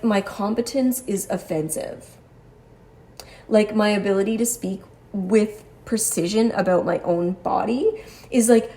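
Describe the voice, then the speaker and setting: A woman with a mid-range, creaky, slightly mellow voice tells her own story as a cancer patient. Her personal monologue is articulate and precise, with a wry, exasperated edge.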